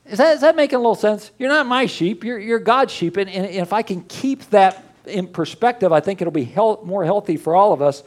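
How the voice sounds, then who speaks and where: An older man preaching as a pastor, conversational and folksy, with asides and a lively rise and fall. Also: quick pace, hardly any pauses. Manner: lively, often rising in pitch and loudness. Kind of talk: sermon.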